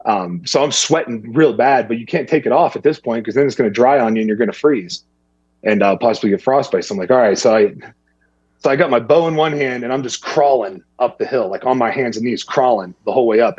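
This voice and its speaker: Guy telling a story, husky voice, a bit muffled, does the other people's voices. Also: mid-range voice, fairly quick, no room sound. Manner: animated, acts out other people's lines in a raised voice. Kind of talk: casual storytelling.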